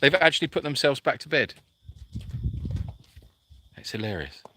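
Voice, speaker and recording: A man's voice: medium pitch, very animated, normal speed, pushed and bright. A man hosting a live sanctuary chat, reading out viewer comments and answering in a chatty, rambling way full of fillers.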